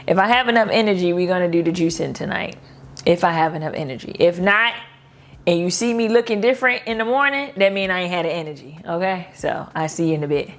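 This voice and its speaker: A young lifestyle vlogger from Baltimore, Maryland, chats casually with her viewers in her Baltimore accent, calling them "girl" and "y'all." Her mid-range voice is animated, fairly bright, and a little fast, with faint music playing behind her.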